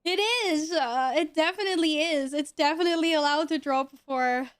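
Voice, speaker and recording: A woman streams a game and chats with her audience in a loose, teasing way, laughing often. Her voice sits high. The sound is dry and close, with no room around it. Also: moderate pace, dry recording. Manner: chatty, greets viewers and jokes with them. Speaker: live streamer. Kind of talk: casual live-stream chat while gaming.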